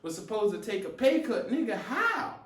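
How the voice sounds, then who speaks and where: A man performing a stand-up comedy set, loud and laughing through his punchlines. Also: high voice, very animated, normal speed. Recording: echoey room, voice from a distance.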